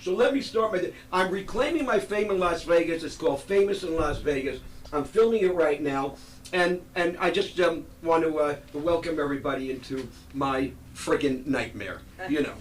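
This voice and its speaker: A man doing a self-deprecating stand-up set, talking in a rambling, halting way. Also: fairly high pitch, a little hiss or hum. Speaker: stand-up comedian. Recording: roomy live venue, distant mic.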